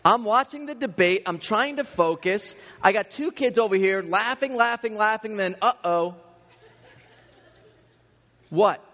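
A man's voice: high-pitched, moderate pace, hardly any pauses, pushed and bright. A pastor in his thirties or forties preaching a sermon in a conversational way, telling anecdotes about his own family. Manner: conversational, with self-deprecating family anecdotes and many restarts. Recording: reverberant hall, dull lo-fi sound.

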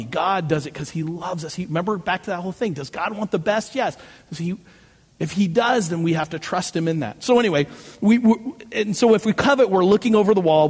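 A man preaching a sermon as pastor, telling personal stories with animated delivery and self-mocking jokes. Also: high voice, husky. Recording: long reverb of a large hall.

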